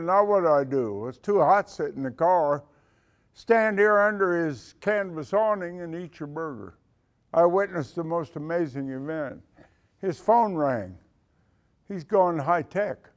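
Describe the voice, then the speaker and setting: An older man gives a speech as a retired military leader, telling a story in a lively way and acting out the dialogue. His voice sits fairly high for a man. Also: measured pace. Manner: animated storyteller who acts out dialogue. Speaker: retired senior enlisted leader giving a talk.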